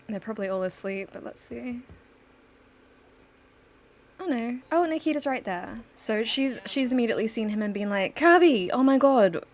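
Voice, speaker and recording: A woman's voice: on the high side, normal speed, long pauses. Chatty woman narrating a game. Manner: chatty, storytelling, laughs often. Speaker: gaming channel host. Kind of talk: casual gameplay commentary.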